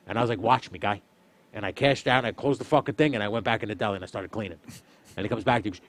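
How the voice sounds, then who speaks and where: A young man casually telling a story on a stream, swearing often and loudly acting out what people said. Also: on the low side, rapid-fire. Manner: animated, swearing, acts out quotes loudly. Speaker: streamer, host.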